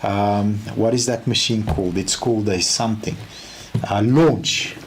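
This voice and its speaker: A South African man giving a casual training talk, telling a story in an animated way and acting out both sides of the conversation. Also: fairly low pitch, unhurried, a little hiss or hum. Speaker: car sales trainer.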